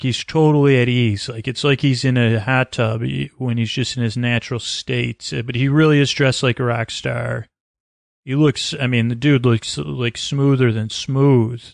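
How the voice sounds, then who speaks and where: Gravelly man rambling through a recap. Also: no echo, clean studio sound. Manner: meandering, loose and low-key, trailing off mid-sentence. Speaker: podcast host. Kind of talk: rambling sleep-podcast TV recap.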